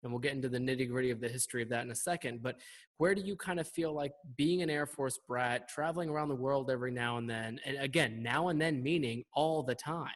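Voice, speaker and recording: A man's voice: mid-range voice, fast talker. A man in his twenties hosting a podcast, asking enthusiastic, leading questions in a casual chat. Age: 20s. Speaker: podcast host. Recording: long reverb.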